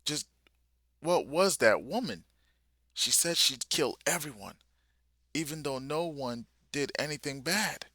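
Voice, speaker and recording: A man's voice: a little high, lively intonation, unhurried, long pauses, sharp tone, no room sound, voice pushed up, full character voice. A man voicing a bewildered teenage boy in a plain reading voice, barely changed from his own. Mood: confused.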